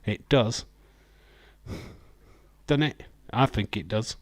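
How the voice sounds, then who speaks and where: Slow-talking Yorkshire man, dry sound. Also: lowish voice, no room sound. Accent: Yorkshire English. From Yorkshire, England. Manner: chatty, reacts to chat messages, laughs easily. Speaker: wrestling watch-along host. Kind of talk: casual live commentary and chat.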